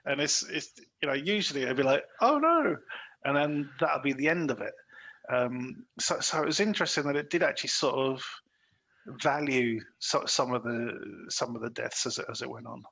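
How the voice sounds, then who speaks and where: A man talks through a film in a casual podcast chat. His voice is bright and a little husky, and he keeps restarting sentences and filling gaps with "um" and "you know". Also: medium pitch, steady tone, normal speed, rough recording. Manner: chatty, many fillers and restarts, acts out quoted lines. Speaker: podcast co-host.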